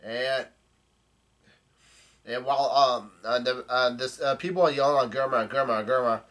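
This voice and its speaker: A man giving a casual, halting recap of a comic chapter, with salty language. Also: mid-range voice, fairly bright tone. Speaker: manga chapter reader.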